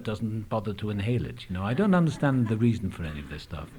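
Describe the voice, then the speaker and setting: Speaking fast and animatedly in a lowish voice, an AA speaker recounts his personal recovery in a meeting room, candid and reflective yet hesitating frequently. The background is noisy.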